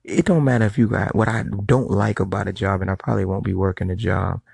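A man's voice: deep voice, fairly even intonation, quick pace, vocal fry, darkish tone, slightly rough, no echo. A middle-aged man giving a blunt, profane monologue to camera, telling street stories. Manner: storytelling. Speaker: vlogger.

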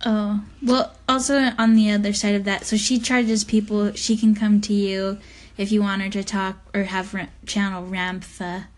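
A woman's voice: mid-range voice, level tone, moderate pace. A woman co-hosting a casual chat podcast, talking in a chatty way with joking asides. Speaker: podcast co-host.

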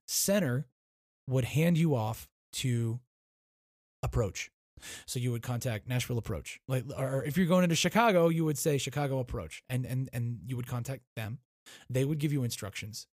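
A man's voice: medium pitch, a little mellow, no echo, clean studio sound. A man in casual chat explaining a technical process, swearing freely, restarting and correcting himself as he goes. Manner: acts out radio calls while explaining.

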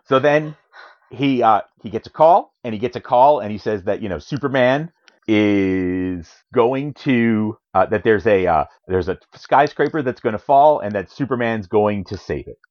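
A man casually recapping a comic in a rambling, animated way, full of fillers, on a dull lo-fi recording. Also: fairly low pitch, moderate pace. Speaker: podcast co-host.

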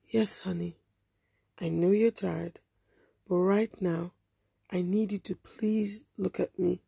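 A woman voicing a calm adult female rescuer who speaks softly and pleadingly, half in a whisper. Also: a little high, slow pace, vocal fry, husky, no room sound, clean studio sound, full character voice. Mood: gently coaxing.

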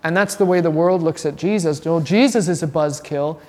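Chatty pastor teaching a class, reverberant hall. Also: male voice, fairly high pitch, normal speed, a little hiss or hum. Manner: animated, chatty, asks the class questions.

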